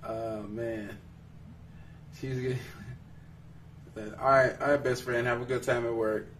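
A man's voice: medium pitch, level tone, slow, a bit bright, far from the mic, a little hiss or hum. A man hosting a podcast in casual chat, joking and laughing often as he teases his co-hosts. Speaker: podcast host.

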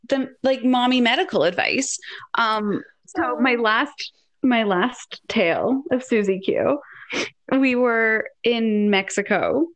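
Young woman, casual storyteller, animated, chatty, middle pitch. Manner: animated, says "like" often, acts out quotes.

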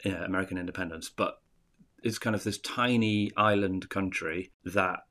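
A man's voice: low-pitched, fairly even intonation, normal speed, pushed and bright. A man from England with an English accent answering an interview question thoughtfully and hesitantly. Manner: thoughtful, hesitant, with many fillers. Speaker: teacher interviewee.

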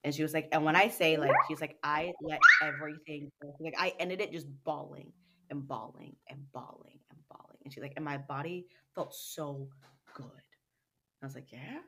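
Lively storytelling woman, lowish voice. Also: moderate pace, a little hiss or hum. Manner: animated storytelling, acts out quotes, laughs often. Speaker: dance company owner, guest. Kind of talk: casual interview chat.

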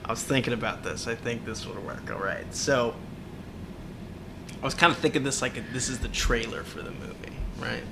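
A man, a podcast guest, pitching a movie trailer in a rambling, animated way, swearing often. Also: normal speed, background noise. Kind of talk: casual chat, pitching a movie.

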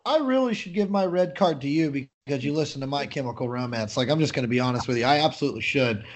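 A man's voice: mid-range voice, animated, quick pace. An American man hosting a casual sports podcast, teasing his co-host and joking, with lots of hesitant fillers.

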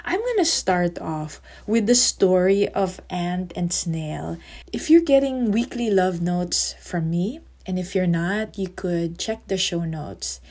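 A woman's voice: lowish voice, warm tone. A woman from the Philippines, hosting a podcast as a psychotherapist in a conversational, therapist-like manner. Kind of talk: podcast monologue.

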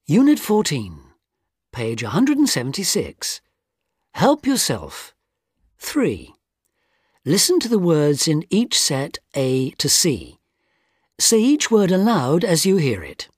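A woman reading out unit numbers and exercise instructions for an audio course in a measured, formal way. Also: low voice, huge pitch swings, darkish tone, husky, no echo, studio quality.

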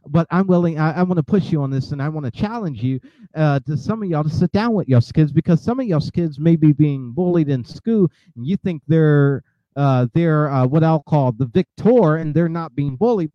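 A man's voice: fairly high pitch, no room sound, lo-fi sound. A male host giving impassioned, angry commentary, preaching at his listeners with many filler uhs and restarts. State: outraged.

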